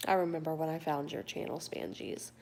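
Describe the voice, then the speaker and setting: A woman hosting a late-night livestream, reading viewer comments in a soft, often whispered, affectionate way; she sounds sleepy. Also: low voice, steady tone, a little fast, vocal fry, slight background noise. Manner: warm, affectionate toward viewers. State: sleepy but awake. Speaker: livestream host.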